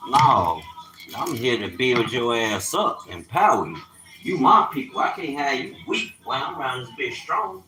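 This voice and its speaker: Animated streetwise man in his fifties. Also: mid-range voice, measured pace, reverberant, slight background noise, low-quality recording. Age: 50s. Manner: animated, streetwise, swearing, loud outbursts. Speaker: livestreamer. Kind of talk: casual storytelling.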